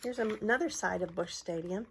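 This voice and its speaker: Slight background noise sits behind a middle-aged woman, who runs a preschool, as she reads a picture book aloud to small children at a fairly quick pace. Her medium-pitched voice is gravelly; she points at pictures, asks the kids questions as she shows the pages, and exaggerates brightly on the cheering lines.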